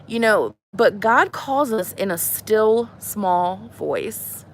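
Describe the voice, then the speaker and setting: A woman's voice: mid-range voice, lively intonation, takes it slowly, a bit bright. A woman in her thirties hosting a heartfelt live stream about faith, talking earnestly and rambling a little, with lots of "like" and "you know" as she answers viewers. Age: 30s. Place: on a porch at home.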